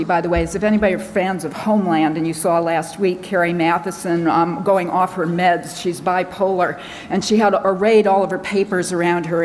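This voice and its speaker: An American woman gives a conference talk in a large hall, speaking hurriedly and fast with many fillers and restarts. Her voice is lowish, the room has lecture-hall reverb, and there's slight background noise.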